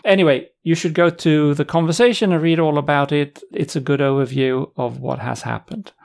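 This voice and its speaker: A male podcast co-host with a somewhat high voice, chatting in a relaxed, dry way. He talks through news items and links, adding wry asides along the way. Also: normal speed, gravelly. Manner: conversational, wry, reads out sources and quotes. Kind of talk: casual podcast discussion.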